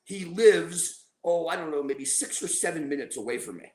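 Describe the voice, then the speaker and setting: A man's voice: on the high side, lively intonation, normal speed, a little mellow. A man, a podcast guest, casually telling a long story, rambling with fillers and acting out what people said. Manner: rambling, with fillers and acted-out quotes. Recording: roomy, echoey room.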